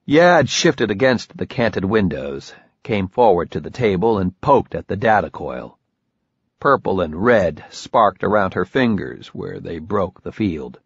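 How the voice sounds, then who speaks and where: A man's voice: on the low side, animated, measured pace, creaky, slightly rough, dry recording, dull audio. A man narrating a novel in the first person, dry and matter-of-fact. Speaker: audiobook narrator.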